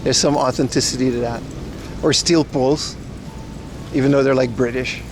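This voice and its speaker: A man's voice: mid-range voice, steady tone, moderate pace, music in the background. A man in his thirties hosting a casual livestream outdoors on city streets, rambling and answering viewer chat while biking. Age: 30s. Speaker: livestream host.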